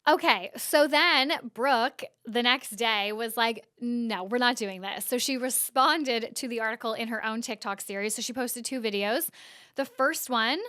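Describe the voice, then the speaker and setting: A woman with a fairly high, smooth, clear voice hosts a casual news-recap podcast, recorded close and dry. She talks in a chatty way, full of "like" and "so anyways". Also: a little slow, sharp tone, no echo. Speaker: host of an internet-news podcast.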